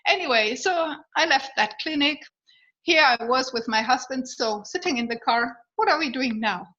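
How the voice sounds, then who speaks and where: A woman telling a personal story in a casual way, pausing often with fillers and restarts and laughing now and then. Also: high-pitched, expressive, bright, forceful tone. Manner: halting, with many fillers and restarts. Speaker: guest sharing a birth story. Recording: dull lo-fi audio.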